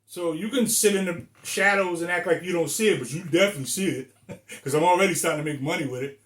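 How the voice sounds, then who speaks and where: A man's voice: a little high, quick pace, fairly bright tone. A man in his sixties from Rhode Island, ranting bluntly and emphatically to the camera with plenty of profanity. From Rhode Island, USA. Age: 60s. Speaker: vlogger. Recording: echoey room.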